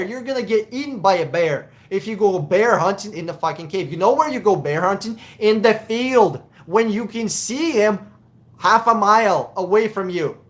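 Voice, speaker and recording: A man's voice: high voice, a bit bright. A man hosting a live stream, answering viewer questions in a blunt, profane way with emphatic repetition.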